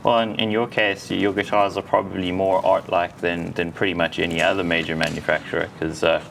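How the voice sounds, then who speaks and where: A man's voice: deep voice, flat delivery, brisk, vocal fry, background noise. A man from South Africa interviewing a guitar maker, enthusiastic and full of fillers. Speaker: interviewer from a music store. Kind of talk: casual interview chat. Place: trade show floor.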